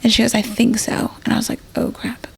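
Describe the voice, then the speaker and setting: A woman with a gravelly, husky voice tells a personal story as a podcast guest. She rambles casually, full of fillers, and acts out what everyone said in the moment. The feel is an emergency nurse talking things through. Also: a little high, flat delivery, brisk.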